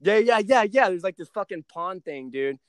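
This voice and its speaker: A man's voice: sits high, lively intonation, moderate pace, no echo. A young man hosting a podcast, telling a brash story in casual chat, swearing constantly and calling his friend bro and dude. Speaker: podcast host.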